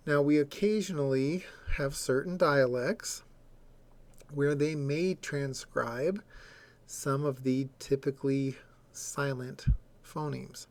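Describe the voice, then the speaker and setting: Slow, deliberate male lecturer. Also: medium pitch, a little mellow. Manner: deliberate, explanatory, sounds words out as examples. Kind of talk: recorded lecture.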